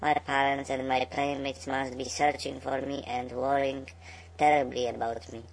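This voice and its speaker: A man's voice: little pitch movement, moderate pace, creaky, a little hiss or hum, natural voice. A man voicing a frightened little talking fish that begs to be thrown back into the water, in a raised, breathless voice. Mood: pleading. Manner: high, pleading, breathless.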